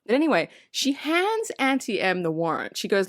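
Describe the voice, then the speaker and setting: An excitable woman talks through a movie on her podcast, swearing freely and acting out the lines she quotes. Her pitch jumps all over the place, and the sound is dry and close with no room around it. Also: moderate pace, few pauses, no echo. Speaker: podcast co-host. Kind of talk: casual movie review chat. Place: podcast recording space.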